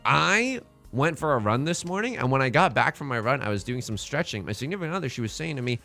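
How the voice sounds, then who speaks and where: Young guy streaming a game, bright voice bouncing all over, cracking jokes over faint music. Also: mid-range voice, sing-song, vocal fry. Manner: joking, throws in quick impressions. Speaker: let's play streamer. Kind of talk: casual gameplay commentary. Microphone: headset mic.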